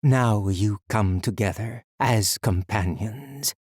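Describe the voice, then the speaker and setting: A male narrator voicing a stern, motherly female spirit, speaking slowly and solemnly in a deep voice. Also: a little mellow, breathy edge, no room sound, studio quality. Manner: slow, measured and solemn.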